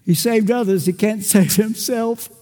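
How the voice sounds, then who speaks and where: An older man preaching a sermon, emphatic, acting out little dialogues and pausing for weight. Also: high-pitched, warm tone. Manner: emphatic, with acted-out dialogue and long pauses. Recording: church with long reverb.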